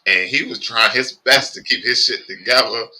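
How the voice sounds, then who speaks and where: A man's voice: medium pitch, normal speed, low-quality recording. A man hosting a podcast, chatting casually, swearing freely and laughing often. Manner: profane, animated, laughing often. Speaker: podcast host.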